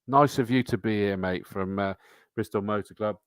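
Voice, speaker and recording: A man's voice: on the low side, moderate pace, clear, resonant tone, no room sound. A middle-aged man with a chatty, matey manner, hosting a motor racing live stream and reading out viewer comments. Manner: chatty, matey, reads out comments and entry lists. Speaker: host.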